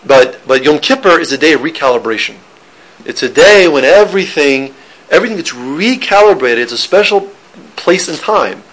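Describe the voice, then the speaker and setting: The audio is poor, but you can hear a man with a fairly high-set, fairly bright voice giving an informal Torah lesson with lively intonation at a moderate pace. He chats loosely, starts phrases over, and swaps jokes with those listening.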